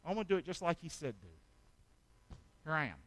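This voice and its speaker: A man preaching a sermon as pastor, calling for amens and swinging from loud shouts to hushed asides. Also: on the high side, big pitch swings, quick pace.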